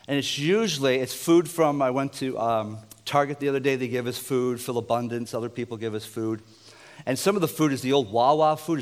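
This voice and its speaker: A man from the United States preaching an informal sermon, conversational and joking, with asides to his listeners. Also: mid-range voice.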